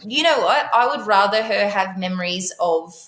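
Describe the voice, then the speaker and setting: A middle-aged woman tells her story as a podcast guest in an easy, candid way. She turns animated when she acts out quotes in playful voices. Her pitch sits at a middle level, and the room gives her voice a noticeable echo. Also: moderate pace. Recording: echoey room.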